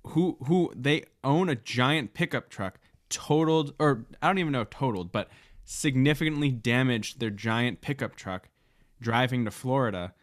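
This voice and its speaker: A man co-hosting a podcast, telling a story in casual chat, getting animated and laughing as he goes. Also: dry recording, clean studio sound. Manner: animated storyteller, laughs and rises in pitch when excited. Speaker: podcast co-host. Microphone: studio microphone.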